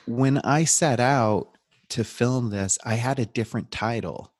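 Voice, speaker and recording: A documentary filmmaker, guesting on a podcast, tells stories in a casual interview. His mid-range voice moves a little slowly, and he jokes, laughs, and animatedly acts out what people said. The studio sound is clean, without echo.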